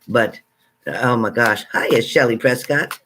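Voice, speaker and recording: A man hosting a casual livestream, chatting with viewers and greeting them by name, excitable and exclamatory. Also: mid-range voice, takes it slowly, slight background noise. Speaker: livestream psychic reader. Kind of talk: casual live chat with viewers.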